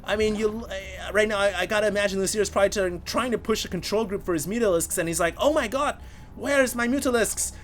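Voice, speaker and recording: High-voiced excitable male game caster. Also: quick pace, hardly any pauses, slight background noise. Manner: energetic, bursts into excited exclamations at big plays; chatty asides to viewers. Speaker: esports caster. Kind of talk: solo play-by-play commentary of a game replay.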